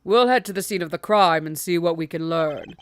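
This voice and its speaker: A woman doing a low, formal game prosecutor. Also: clean tone, close to an everyday voice. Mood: composed. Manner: measured, formal delivery. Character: cool, formal male prosecutor, composed and polite.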